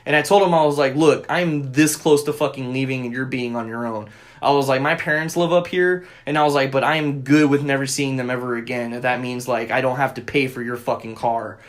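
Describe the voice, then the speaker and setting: A man's voice: mid-range voice, brisk. A young man co-hosting a podcast, telling a long story in casual chat, cursing often and acting out what people said. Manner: profane, animated storyteller acting out quotes. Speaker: podcast co-host.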